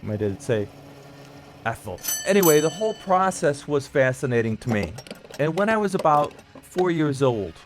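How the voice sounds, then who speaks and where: A middle-aged man hosting a podcast, telling childhood stories in a relaxed monologue and acting out the quoted voices now and then. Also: on the high side, moderate pace, background noise. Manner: nostalgic, acts out quoted voices with some filler words. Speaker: podcast host. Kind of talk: storytelling monologue.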